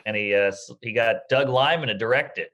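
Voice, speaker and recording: A man chatting over drinks in a wry, laid-back way, slipping jokes into the talk. His voice sits at an ordinary middle pitch. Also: fairly quick, fairly bright tone. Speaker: podcast co-host. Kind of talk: casual drinking chat.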